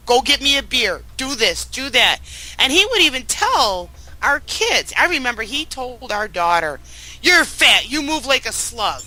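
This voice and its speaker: A woman's voice: fairly high pitch, bright, forceful tone, poor audio. A middle-aged woman speaking as a guest, telling her personal story in an earnest, emotional way with frequent restarts.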